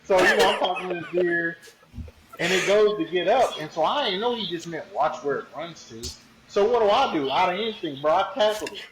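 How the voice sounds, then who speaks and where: A man, a podcast guest, telling a story in a slangy, animated, casual way. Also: high voice, brisk, reverberant, noisy background. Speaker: podcast guest, hunting ambassador.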